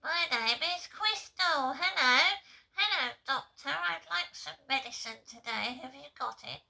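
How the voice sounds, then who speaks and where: A woman's voice: sits high, animated, unhurried, gravelly, bright, forceful tone, voice pushed up, exaggerated voice. A woman putting on the nasal, dopey voice of a woman mocking someone.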